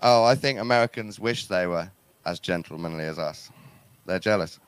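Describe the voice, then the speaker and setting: A man from England with an English accent, a musician guest in a casual interview, talking quietly with dry, wry humor. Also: low voice, normal speed, clean tone, no room sound, rough recording. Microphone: headphones and mic, remote link.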